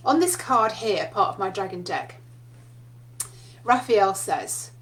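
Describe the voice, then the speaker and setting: A woman's voice: mid-range voice, animated, takes it slowly, fairly bright tone. A woman giving a casual spiritual talk, telling stories in a chatty way and laughing often. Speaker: spiritual teacher.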